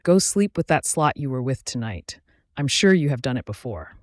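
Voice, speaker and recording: A man voicing an angry betrayed wife who shouts accusations in a story reading. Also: medium pitch, big pitch swings, normal speed, no echo, studio quality, close to an everyday voice. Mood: furious.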